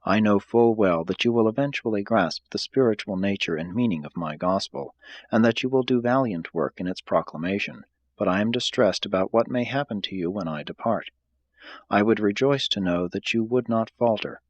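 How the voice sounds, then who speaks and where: A gentle, earnest male teacher speaks with calm tenderness, as a man reading a book puts him on. The voice sits low and a little husky. The sound is close and dry, with no room around it. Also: normal speed, dry recording, lo-fi sound, natural voice. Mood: tender earnest. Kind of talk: audiobook reading.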